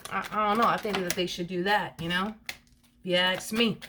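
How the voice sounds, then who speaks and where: A woman's voice: fairly low pitch, fairly even intonation, moderate pace, background noise. A woman giving a casual tarot reading. She is chatty and giggly, and she repeats her words often. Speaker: tarot card reader.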